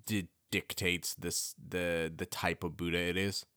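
A man's voice: low-pitched, level tone, measured pace, bright, forceful tone, smooth, no echo, clean studio sound. A young man in a casual podcast chat, explaining things in a knowledgeable way with hesitant restarts. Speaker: podcast co-host.

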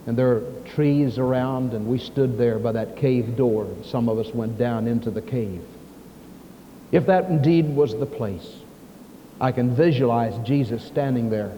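A man's voice: medium pitch, slight background noise. A man preaching a sermon, telling the story with emphasis, in a dull recording with long hall echo.

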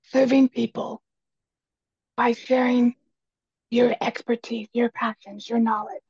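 Earnest raspy woman guest, very husky, dry close recording, lo-fi. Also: fairly high pitch, no room sound. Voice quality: raspy, quiet voice. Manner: earnest and emphatic, repeats key phrases. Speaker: podcast guest, speaker and kitchen coach. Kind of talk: casual conversation.

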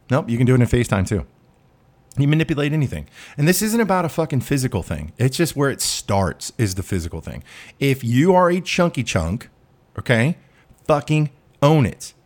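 A man's voice: fairly low pitch, lively intonation, brisk. A man ranting to camera in a blunt, foul-mouthed way, often restarting mid-sentence. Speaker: vlog host. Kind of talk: unscripted profane rant.

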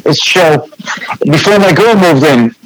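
A man's voice: fairly high pitch, animated, measured pace, rough recording. A young man with a New England accent, a graffiti artist telling a story as a podcast guest in a laid-back, swearing, filler-heavy way. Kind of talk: casual storytelling chat.

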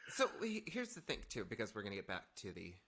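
Middle-aged male co-host, bright voice, lively pitch, teasing storyteller. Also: fast talker, breathy edge. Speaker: podcast co-host. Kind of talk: casual chat.

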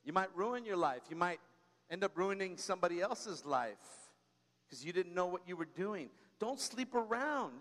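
A pastor preaches in a high, light, slightly bright voice, chatting with the congregation like a friend and sharing humorous personal stories. He keeps prompting the room with quick asides like "come on" and "right?", and his words fade into the long reverb of a large church.

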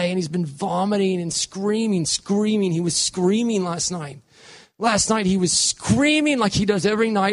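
Gravelly high-voiced male preacher. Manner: intense, dramatic retelling. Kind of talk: sermon, vivid storytelling.

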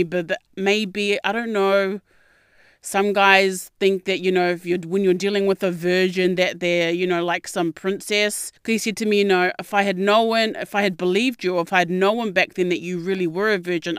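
Here a young adult woman tells a personal story on her podcast, swearing freely and acting out what people said in a candid, expressive style. It's a casual storytelling monologue at normal speed, with a smooth, medium-pitched voice and studio-quality audio free of echo.

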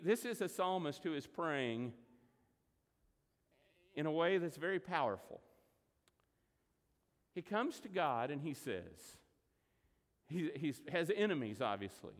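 Man, pastor, sermon, high voice, long church reverb. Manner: preaching, reads scripture slowly and loudly. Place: church sanctuary.

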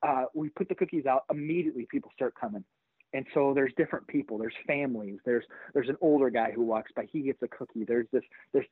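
A middle-aged man, a pastor and author, telling a personal story in an interview with animated energy, acting out the voices of the people in it. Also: medium pitch, no echo. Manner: animated, acts out quoted voices. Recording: tinny phone-like line.

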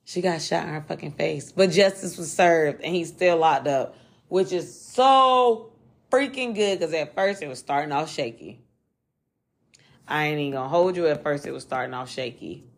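A woman hosting a true-crime podcast alone, talking casually and quickly in loose slang and swearing freely. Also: low-pitched. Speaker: podcast host. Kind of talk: casual solo podcast chat.

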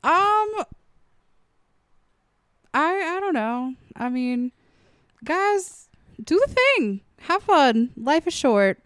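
A woman's voice: high voice, fairly bright tone, no echo, clean studio sound. A woman co-hosting a comedy podcast, playful and self-deprecating, swearing casually. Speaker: podcast co-host. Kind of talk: casual chat.

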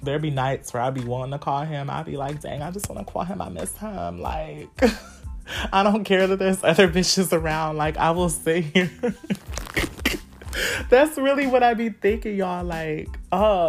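A woman's voice: low-pitched, animated, a little slow, creaky, faint music behind. A woman in her twenties hosting a solo podcast, talking frankly and profanely to her listeners with frequent laughter. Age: 20s. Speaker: podcast host. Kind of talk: candid solo podcast chat.

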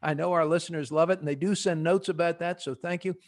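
A male podcast host with a New Jersey accent and a fairly high voice. He runs the panel in an animated, jokey way. He fires quick questions at his guests. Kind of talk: casual panel discussion.

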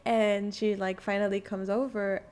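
A woman's voice: medium pitch, little pitch movement, normal speed, a little mellow. A woman on a podcast telling a story in casual chat, acting out her own quotes and swearing freely. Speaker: podcast guest.

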